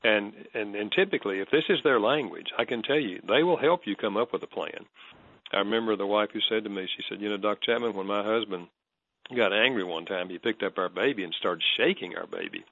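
A man speaks in a lowish, unhurried voice as a counselor guest, walking through advice and retelling conversations. The recording is dry and slightly dull, with a lo-fi edge. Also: no echo. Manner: calm, measured, storytelling with quoted dialogue. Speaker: marriage counselor and author as guest.

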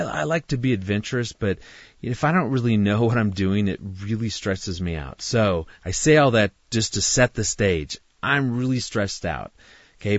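Middle-aged male guest, deep-ish voice, animated storytelling, restarts, dry muffled recording. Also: dry recording. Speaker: guest, marriage ministry speaker. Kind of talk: faith talk show interview, personal storytelling.

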